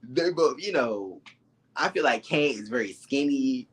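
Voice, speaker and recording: A man co-hosting a casual reality TV review chat, campy and animated, laughing often and jumping to shrieking high asides. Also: unhurried, slightly rough. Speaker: podcast co-host reviewing reality TV.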